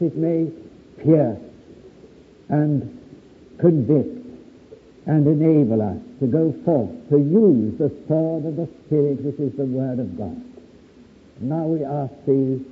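A man with a slightly raised pitch prays aloud, very slowly and solemnly, in old-fashioned thee-and-thou wording. The sound is thin and phone-like, with faint hiss and ambience behind it. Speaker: chairman leading the opening prayer. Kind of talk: formal spoken prayer.

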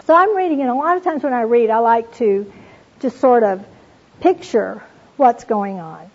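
A woman gives a devotional Bible talk, retelling scripture with earnest warmth. Her voice sits a little high and has a husky edge. The recording sounds dull and lo-fi. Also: a little slow. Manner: earnest storytelling, reads scripture aloud, addresses listeners as "you all". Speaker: Bible teacher.

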